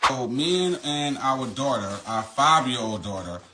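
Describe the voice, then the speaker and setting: A father talking in a controlled, forced-calm way. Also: medium pitch, unhurried, reverberant, a little hiss or hum. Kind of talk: confrontational home video.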